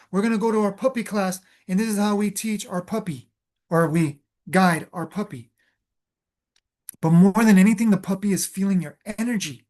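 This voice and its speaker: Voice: medium pitch, darkish tone. A spiritual coach giving a motivational talk, stressing points by repeating phrases, with frequent fillers and restarts. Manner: loose, filler-heavy delivery.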